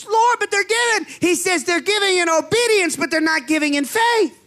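A man preaching a charismatic sermon as pastor, fervent, with shouted declarations and drawn-out emphasis. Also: extremely high pitch. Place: church sanctuary.

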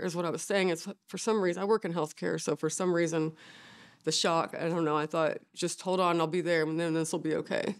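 Halting middle-aged mother recounting loss. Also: on the low side, fairly even intonation. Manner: halting, emotional, many fillers and restarts. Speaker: bereaved mother interviewed. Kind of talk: documentary interview.

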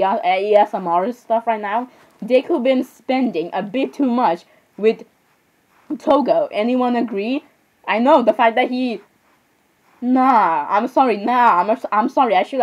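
A woman's voice: a little high, poor audio. A woman giving casual game commentary, rambling, apologizing constantly and giggling at her own asides. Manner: rambling, keeps saying sorry, giggly asides. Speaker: gameplay commentator.

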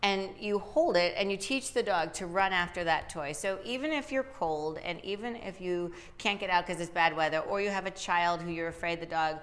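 A woman dog trainer answering questions live, explaining with lively asides and little acted-out voices for dogs and owners. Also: on the low side, moderate pace, hardly any pauses. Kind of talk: live Q&A advice.

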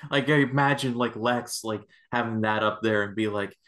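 A man's voice: fairly low pitch, normal speed, fairly bright tone. A man co-hosting a casual podcast, joking sarcastically about a TV episode. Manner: sarcastic, tells jokes at length. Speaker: podcast co-host. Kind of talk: casual chat.

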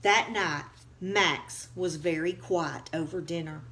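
A woman teacher reading a storybook aloud to children, expressive and deliberate. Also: lowish voice.

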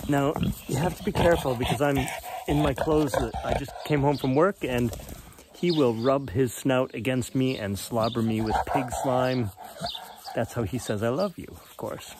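A man talking to the camera while he feeds and pets his pig, switching to a high sing-song voice when he speaks to the animal. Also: moderate pace. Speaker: pig owner filming his pet. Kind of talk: casual outdoor vlog narration. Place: outdoors on a rural farm. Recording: outdoor farm noise.

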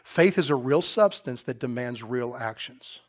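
A middle-aged man, the pastor, preaching a sermon loudly and emphatically, often restarting his sentences. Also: medium pitch, lively intonation, measured pace, dull audio. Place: church sanctuary.

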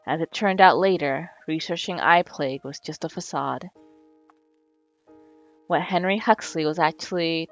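Low-pitched woman reading a game out loud, dull lo-fi mic, bit of music under it. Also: gravelly. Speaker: let's play co-host. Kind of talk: reading game dialogue aloud and chatting.

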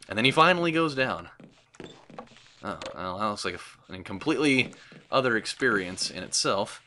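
A young man hosting a let's play, giving sarcastic, excitable gameplay commentary with frequent swearing. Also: fairly low pitch, moderate pace, a little hiss or hum.

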